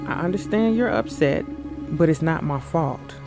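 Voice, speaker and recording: A man reading the lines of a calm male detective who questions guests patiently. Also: fairly high pitch, moderate pace, music in the background. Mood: steady.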